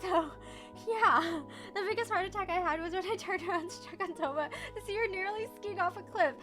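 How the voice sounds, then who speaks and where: A woman's voice: very high-pitched, fairly quick, bright, forceful tone, faint music behind. A young woman streamer chatting casually, bubbly and giggly, with casual swearing. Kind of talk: casual chat.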